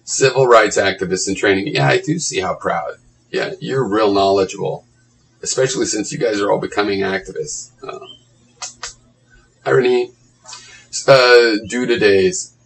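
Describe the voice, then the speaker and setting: A man's voice: on the low side, normal speed, creaky, fairly bright tone, rough recording. A man reading blog comments aloud and mocking them in a sarcastic, profane running commentary.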